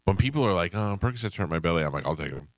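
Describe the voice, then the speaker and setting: A middle-aged male radio host with a very low voice rattles off stories at a quick clip, acting out what people said. The sound is dry and close, with no room around him. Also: no room sound. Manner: storytelling, animated quoting of others. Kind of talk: casual chat.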